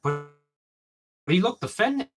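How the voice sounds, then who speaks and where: A man's voice: high voice, very animated, a little slow. A man talking in a rambling, casual way to his viewers, often restarting sentences and acting out what people said to him. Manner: rambling, restarts often, acts out quoted exchanges. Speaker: vlogger.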